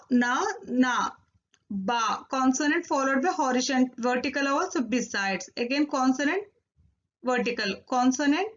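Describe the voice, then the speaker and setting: A woman teaching a recorded Korean lesson, repeating each word slowly and drilling syllables one by one. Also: sits high, lo-fi sound.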